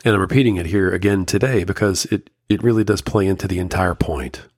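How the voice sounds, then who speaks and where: A middle-aged man hosting a solo podcast, talking earnestly and emotionally in slow, measured phrases, firm and lecturing at times. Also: low voice, a little mellow, no echo, clean studio sound. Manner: firm and lecturing about fatherhood. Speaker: podcast host.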